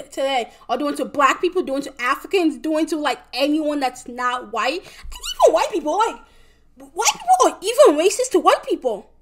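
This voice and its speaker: A young woman hosting a solo podcast, rambling in a casual, exasperated rant full of filler words and swearing. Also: high-pitched. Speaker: podcast host.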